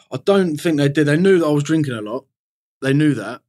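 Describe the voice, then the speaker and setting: A man's voice: fairly high pitch, animated, moderate pace, a little mellow. A man talking frankly as a podcast guest in casual conversation, rambling and swearing freely, with lots of "you know".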